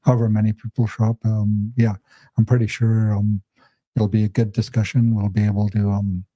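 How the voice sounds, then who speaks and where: Male organizer, flat hesitant delivery, dark mellow tone. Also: on the low side, brisk, dry recording. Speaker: workshop organizer. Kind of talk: casual live-stream chat.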